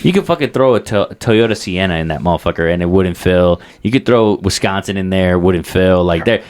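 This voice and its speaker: A man in his twenties co-hosting a podcast, telling stories in a casual, profane and animated way. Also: low-pitched, a little fast, smooth. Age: 20s. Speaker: podcast co-host. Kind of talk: casual chat.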